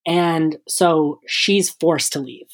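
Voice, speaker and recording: A young man co-hosting a podcast, telling a story in a casual, animated way, cursing freely and acting out the people in it. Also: fairly high pitch, slow pace. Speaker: podcast co-host.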